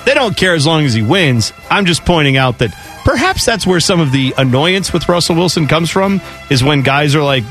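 A chatty, opinionated man talks sports on the radio, his voice sitting a touch high for a man. He rolls from one item to the next and mimics the people he quotes. Faint music plays underneath. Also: animated, brisk, few pauses, a bit bright. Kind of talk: casual sports radio chat. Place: radio studio.

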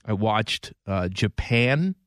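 A man's voice: fairly low pitch, lively intonation, slow, a bit bright, no room sound, studio quality. A man co-hosting a sports radio show in casual talk, chatting about games he watched and asking questions. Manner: chatty, asks questions and tells what he watched. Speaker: radio co-host.

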